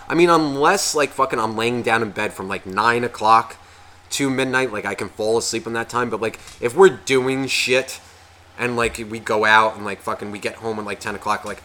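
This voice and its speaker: Bright-voiced rambling man co-hosting. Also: on the low side. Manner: rambling, heavy swearing, many fillers. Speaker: podcast co-host. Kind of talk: casual chat.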